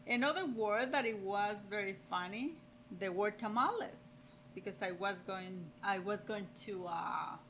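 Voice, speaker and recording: Bright-voiced woman. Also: medium pitch, unhurried, a little hiss or hum, poor audio. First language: Spanish. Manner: laughing, repeats words, animated. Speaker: podcast guest, host's mother. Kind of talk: casual chat.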